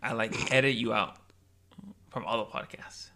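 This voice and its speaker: A man co-hosting a casual podcast chat, rambling through made-up scenarios, saying "dude" constantly and dropping into hushed voices. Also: on the low side, fairly even intonation, normal speed, gravelly. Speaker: podcast co-host.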